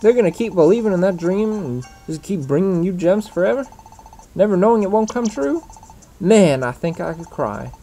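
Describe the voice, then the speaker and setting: A man's voice: sits high, sing-song, moderate pace, mellow, faint music behind, pitched above the performer's own voice. A man voicing a young male hero Pokémon who is outraged and emotional, exclaiming shrilly.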